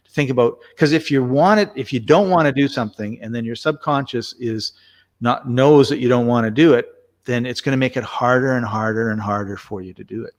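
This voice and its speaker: A man's voice: medium pitch, a little fast. A man chatting casually as co-host, telling a rambling story with lots of restarts. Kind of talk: casual conversational chat.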